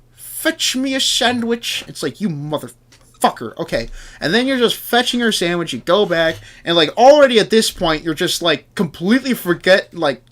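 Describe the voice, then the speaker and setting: A young male streamer with a voice pitched a touch above the usual for a man, talking on his stream microphone. He rambles in a loose, casual way, swears through nearly every sentence, and keeps breaking into quick mock voices for the people in the game. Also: a bit bright. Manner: rambling, swears constantly, acts out game characters in quick asides. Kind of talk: casual livestream game commentary.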